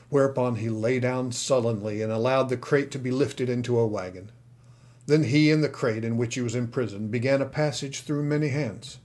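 A man reads a storybook aloud in a steady, expressive way. His voice sits in an ordinary middle pitch for a man. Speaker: audiobook narrator. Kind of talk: scripted narration.

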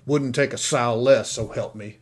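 A man reading an audiobook, voicing a gruff, grumbling male dog kidnapper. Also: medium pitch, normal speed, lightly acted. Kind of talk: audiobook character voice.

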